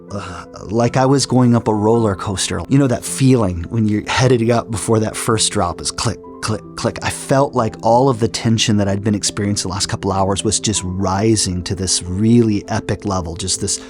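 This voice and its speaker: Earnest middle-aged man, low voice. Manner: earnest storytelling with restarts. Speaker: testimony speaker. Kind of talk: personal testimony. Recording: soft music underneath.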